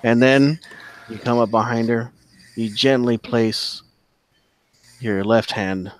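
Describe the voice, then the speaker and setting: A man's voice: medium pitch, fairly even intonation, takes it slowly. A man narrating a tabletop game as game master, telling the action in vivid, profane detail.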